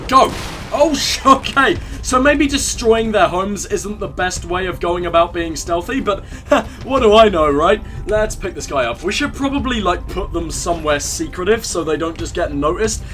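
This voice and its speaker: Soft music backs a young gamer whose high, slightly bright voice stays animated at a moderate pace. He riffs irreverently on his let's-play and chats directly to the characters in the game.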